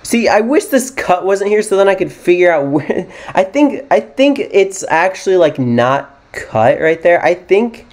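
A man's voice: high-pitched, very animated, measured pace, hardly any pauses, darkish tone. Rambling American man thinking aloud. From United States. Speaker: gaming YouTuber. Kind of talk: casual gameplay commentary.

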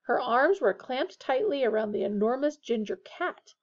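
A woman narrates a storybook aloud with a steady, expressive delivery. Her voice sits a little high, and the recording sounds dull and lo-fi. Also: normal speed. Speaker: audiobook reader.

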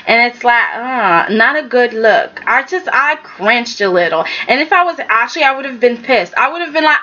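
With a high voice and the top end cut off, this woman runs through a soap opera recap in an animated, sassy, chatty way. She's a recap vlogger who performs the characters' lines as she goes.

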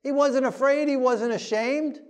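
A man with a very high-pitched voice preaches a sermon forcefully and plainly, mocking the timid voices he quotes. His pace is measured and his tone clear and resonant.

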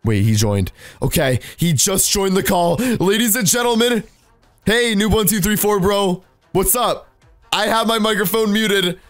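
A man hosting a Minecraft video, excitedly narrating to viewers with big jumps in his voice. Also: unhurried, dry recording, faint music behind. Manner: excitable, jumpy pitch, talks to the audience. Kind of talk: excited gaming commentary to viewers.

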